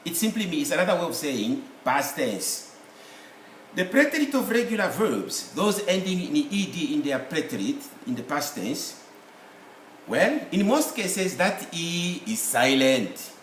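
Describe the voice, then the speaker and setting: A man teaching English pronunciation, speaking slowly and deliberately and repeating each word for drill. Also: fairly high pitch, very animated, a bit bright. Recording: echoey room with faint ambient noise.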